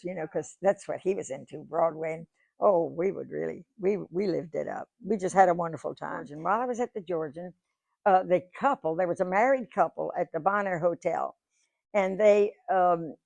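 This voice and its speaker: An elderly woman in her nineties, talking to an audience in a folksy, rambling way. Her voice has a gravelly rasp. She keeps circling back and restarting her sentences, and the sound is dry and close. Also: on the low side, a little mellow, no echo. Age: 90s. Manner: chatty, folksy, repeats words and restarts often. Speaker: guest speaker, singer. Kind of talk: storytelling to a live audience. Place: museum lecture room.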